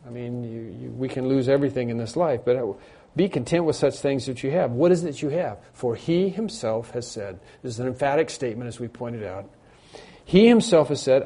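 A man's voice: mid-range voice, a little fast, dark tone. A man preaching a sermon as a pastor, earnest and repeating phrases for emphasis.

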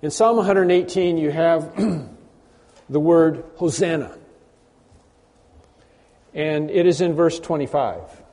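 Man, pastor, conversational sermon, clears throat often, warm tone, slightly high. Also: slow, long pauses. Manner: conversational, repeats words, frequent throat clearing. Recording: long hall reverb.

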